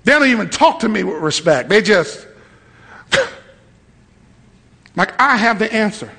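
A male pastor delivers a sermon in a high voice that swings with lively pitch. He speaks slowly and with humor, repeating key phrases for emphasis.

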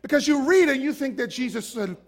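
Animated preacher, gravelly voice, shouting. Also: male voice, very high voice, brisk. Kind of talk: sermon.

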